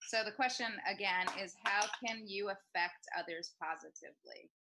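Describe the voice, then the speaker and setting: A woman's voice: mid-range voice, moderate pace, background noise. A woman hosting an online group talk, telling a story with many ums and restarts. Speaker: host of a group discussion. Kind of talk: casual storytelling. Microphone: video call.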